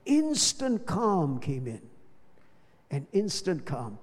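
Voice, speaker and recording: A man preaches a sermon, often pausing to ask his congregation rhetorical questions. His voice sits high, with a mellow, relaxed tone. A long reverb trails each phrase around the hall. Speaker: pastor.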